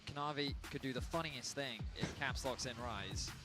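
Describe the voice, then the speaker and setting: A man giving measured, explanatory analysis during an esports broadcast. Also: medium pitch, music in the background. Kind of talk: analytical commentary.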